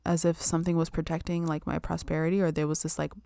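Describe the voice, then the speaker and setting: A young woman talks in a loose, rambling way, peppering her speech with "like", "um" and the odd swear word. Her voice sits a little low for a woman. It is recorded close and dry, with no room sound. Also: flat delivery, quick pace, creaky, warm tone, smooth, no room sound. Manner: chatty, full of "like" and "um", swears casually. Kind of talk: casual spiritual self-care chat.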